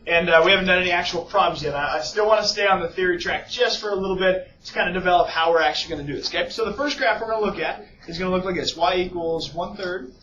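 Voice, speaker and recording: A man's voice: high voice, sharp tone, a little hiss or hum. A male math teacher lecturing casually in a classroom, often checking in with his students. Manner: casual, keeps checking in with "okay?" and "right?". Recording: echoey, distant, muffled classroom recording.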